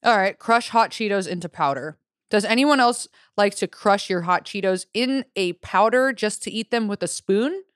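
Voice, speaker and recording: A woman's voice: medium pitch, normal speed, clean tone, no echo. A woman co-hosting a casual chat, playful and teasing, reading out prompts. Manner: playful, reads out listener prompts. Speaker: podcast co-host.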